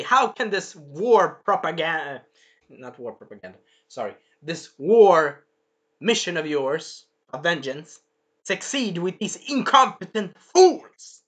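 A reviewer voicing a furious, commanding female vampire lord while retelling a scene, shouting and swearing in a raised voice. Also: medium pitch. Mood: scornful. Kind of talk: quoting a scene in a video review.

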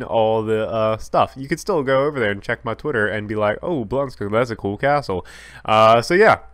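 A man's voice: lowish voice, fairly bright tone, smooth, no room sound. A man giving casual, chatty commentary over his own gameplay, talking straight to viewers and correcting himself as he goes. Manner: jokey, talks straight to viewers. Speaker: gaming YouTuber.

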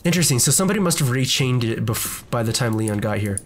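A man's voice: mid-range voice, expressive, fast, a little hiss or hum. A man giving casual let's-play commentary from his desk at home, jumpy and chatty, talking to the enemies on screen. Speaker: gaming video creator.

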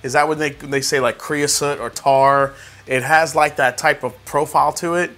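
A man talks through a whiskey tasting in a casual, chatty way, full of "like" and "uh" and excited reactions. His voice is bright and forceful and sits a little high for a man. Soft music plays faintly underneath. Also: moderate pace. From New York. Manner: chatty, many fillers like "like" and "uh". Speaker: whiskey reviewer.

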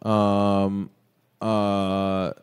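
A man's voice: lowish voice, monotone, extremely slow, smooth. A man, co-hosting a podcast in a laid-back, teasing, jokey way. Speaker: podcast co-host. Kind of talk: casual chat.

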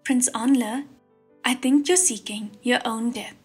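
A woman's voice: fairly high pitch, a little slow, slightly rough, faint music behind. Sneering, vulgar ghost king, as a woman reads him. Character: crude, mocking arrogant young ghost king.

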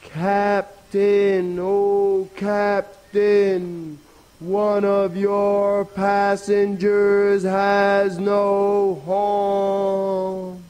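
A man's voice: big pitch swings, normal speed, hardly any pauses, a little mellow, lo-fi sound. A man voicing a small, frantic rabbit in a told folk tale, pleading and calling out in a raised voice. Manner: high, calling out.

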